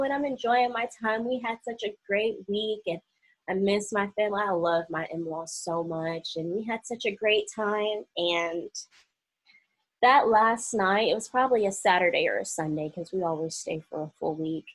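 A woman's voice: mid-range voice, moderate pace, poor audio. A young woman from Oklahoma telling a personal story in a casual vlog, acting out the voices of the people she quotes.

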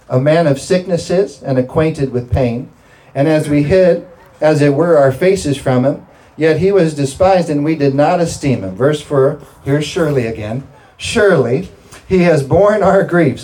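In a church sanctuary, a male pastor with a mellow, somewhat high voice preaches a sermon and leads a communion prayer. His delivery is emphatic and rising, with call-and-response from the congregation, though the audio quality is poor.

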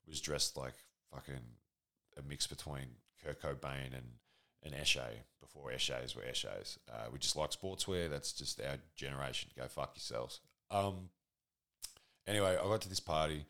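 An Australian man in his forties with a bottomless, rumbling bass voice spins a casual comedic anecdote. He rambles, swears freely and pokes fun at himself as he goes. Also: a bit bright. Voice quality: extremely deep voice. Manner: rambling, profane, self-deprecating storytelling.

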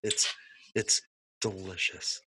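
A man's voice: sits low, level tone, slow pace, heavy background noise. A man co-hosting a podcast over a video call, telling stories in an easygoing, chatty way. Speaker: podcast co-host. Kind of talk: casual podcast chat.

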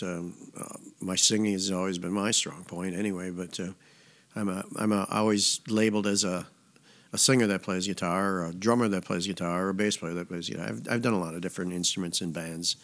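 Middle-aged guy musician, low gravelly voice, rambly jokey stories at home. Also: a bit bright. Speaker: musician guest. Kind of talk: casual chat.

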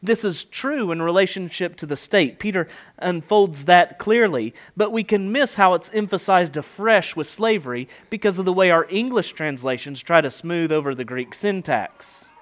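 Brief: middle-aged male preacher, rather high voice, emphatic, rhetorical, verse-by-verse sermon. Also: animated, normal speed. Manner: emphatic, rising and falling delivery with rhetorical questions. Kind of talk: expository sermon.

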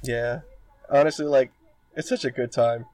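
A man's voice: mid-range voice, steady tone, moderate pace, darkish tone. A man co-hosting a podcast, rambling through a story retelling with lots of filler words and casual swearing. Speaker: podcast co-host.

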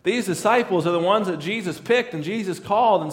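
Male pastor, slightly high voice, chatty sermon delivery with frequent restarts. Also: a little fast, in a large hall. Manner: conversational, repeats words and restarts lines.

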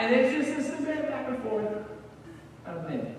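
A man's voice: extremely high pitch, very animated, moderate pace, slight background noise. A man preaching a sermon in a conversational way, often repeating words as he gets going. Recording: echoey hall, far from the mic.

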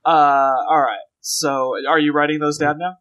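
A man's voice: a little high, level tone, moderate pace, a bit bright. A man co-hosting a podcast, rambling and joking through a casual comedic recap with many fillers. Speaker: podcast co-host.

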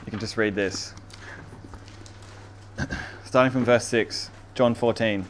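A man's voice: on the low side, steady tone, slow. A man preaching a casual sermon, who reads scripture aloud with emphasis and laughs often, over faint room noise. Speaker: pastor.

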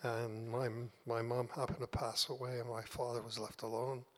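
A man's voice: mid-range voice, level tone, moderate pace. An older man, the guest's father, plainly recounting his past. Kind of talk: telling his life story.

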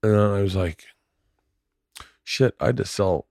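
A man's voice: fairly low pitch, unhurried, a little mellow, no echo, studio quality. A man hosting a casual podcast, talking in an earnest, rambling way and repeating himself. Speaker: podcast host and touring comedian.

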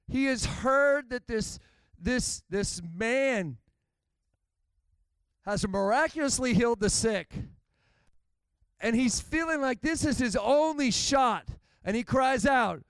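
High-voiced male preacher, dry sound. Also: lively intonation, slow, clean tone, no room sound. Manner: preaching with rising intensity, acts out quotes. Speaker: pastor. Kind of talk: sermon. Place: church.

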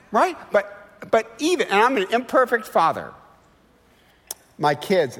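A middle-aged man preaching a sermon in a church, emphatic and animated, firing off rhetorical questions. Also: sits high, moderate pace, pauses often. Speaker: guest preacher. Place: large church sanctuary. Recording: long church hall reverb.

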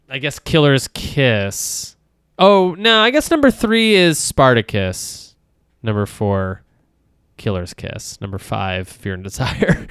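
A man chats loosely about films as a podcast co-host, trailing off and restarting with plenty of fillers. His voice is smooth and clear at a middling pitch. The sound is dry and close, with no room echo. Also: fairly bright tone. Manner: rambling, many fillers and restarts, laughs often, swears casually. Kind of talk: casual film discussion.

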